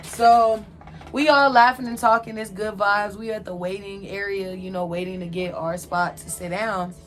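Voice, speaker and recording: A young adult woman telling a casual storytime from her own life, animated, slangy and candid. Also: medium pitch, moderate pace, faint music behind. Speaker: vlogger telling a personal story.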